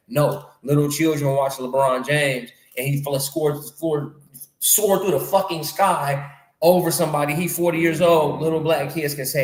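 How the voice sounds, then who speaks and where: A man with a fairly high voice hosts a loose, animated chat, leaning on slang and circling back on his own phrases. The room has a clear echo around him. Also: normal speed. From North America. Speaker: podcast host. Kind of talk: casual conversation. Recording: echoey room.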